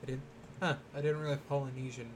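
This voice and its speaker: Young man, co-host, casual chat, playful, halting, average pitch, faint noise. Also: level tone. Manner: playful, joking, halting starts. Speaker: podcast co-host.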